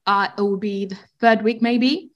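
A woman's voice: mid-range voice, steady tone, normal speed, muffled recording. A woman, a nurse co-hosting a podcast, explaining her point at length in casual chat. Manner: explains at length, talks over others. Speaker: nurse prescriber and podcast co-host.

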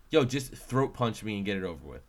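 A man co-hosting a casual chat show, talkative and playfully teasing. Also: lowish voice. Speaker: podcast co-host.

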